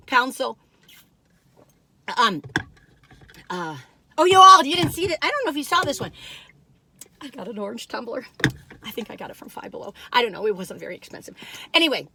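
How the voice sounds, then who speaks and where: A woman's voice: a little high, sharp tone, no room sound. An older woman, chatting casually and rambling to viewers while reviewing food in her car.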